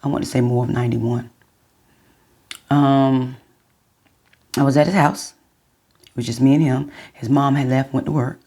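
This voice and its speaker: A middle-aged woman vlogging, telling her viewers a personal story in a chatty, unhurried way. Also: a bass voice, fairly even intonation, warm tone, breathy edge.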